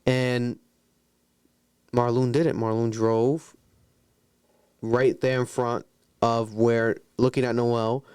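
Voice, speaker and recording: Man with a flat, smooth, dry voice. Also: mid-range voice, slow pace, long pauses, no echo. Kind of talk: casual podcast chat.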